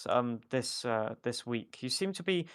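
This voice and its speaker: A man co-commentating a sim rally stream, explaining car handling in a measured way. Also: mid-range voice, animated, crowd noise. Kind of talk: analytical race commentary.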